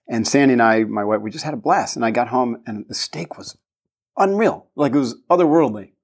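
Laughing podcast host, rambling stories. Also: male voice, medium pitch, lively intonation, brisk, husky. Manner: laughs often while telling stories; loose, rambling storytelling with fillers. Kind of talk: casual chat.

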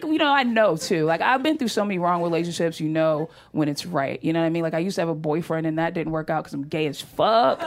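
A woman's voice: lowish voice, a little hiss or hum. A woman stand-up comedian performing a set, talking in a brash, profane, conversational way and landing punchlines.

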